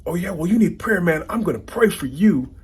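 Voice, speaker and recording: A man voicing an indignant stranger at a gas station who yells in defense of a young worker. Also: a little high, fast, husky, voice pushed up. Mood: shouting. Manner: yelling, indignant.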